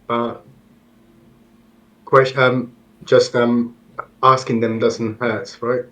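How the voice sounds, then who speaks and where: A man playing a tabletop game who speaks haltingly, with many ums and uhs. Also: mid-range voice, little pitch movement, fairly bright tone, poor audio. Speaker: player. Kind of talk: in-character tabletop play.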